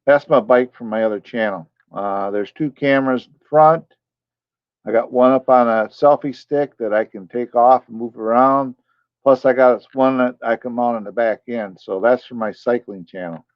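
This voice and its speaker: A man's voice: medium pitch, moderate pace, dry recording. A man live streaming, chatting casually and rambling while he answers his chat viewers by name. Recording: dull lo-fi stream audio.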